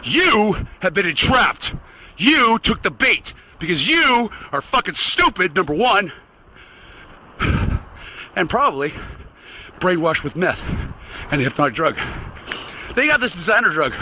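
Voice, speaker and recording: Furious high-voiced man ranting. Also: sing-song, measured pace, pauses often, a little hiss or hum, low-quality recording. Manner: shouting, furious, swearing constantly. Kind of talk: angry profane rant to camera. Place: outdoors, walking to get the mail.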